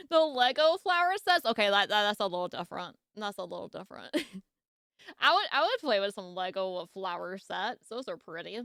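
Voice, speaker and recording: Giggly, lively streamer woman with a twang. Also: mid-range voice, moderate pace, gravelly, dry recording, studio quality. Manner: rambling, giggly, chatty, with frequent restarts. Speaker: streamer reacting to videos. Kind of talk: casual live-stream reaction chat.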